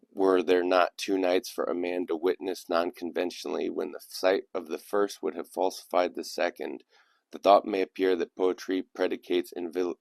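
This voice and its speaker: Male host, deep voice, close dry sound; reads submitted poetry and drifts into reflective asides. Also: no echo. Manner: reflective, digressive. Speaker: channel host. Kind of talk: casual commentary and poetry reading.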